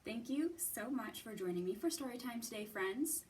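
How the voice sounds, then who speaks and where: A woman librarian reading a picture book aloud and hosting a children's storytime, slow, expressive and gentle. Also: on the high side, distant mic, slight background noise.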